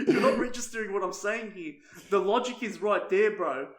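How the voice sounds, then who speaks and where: A man's voice: high voice, moderate pace, a bit bright, roomy sound. A young Australian man co-hosting a podcast, telling crude comic stories full of swearing and laughter. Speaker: podcast co-host. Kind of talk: casual comedic chat.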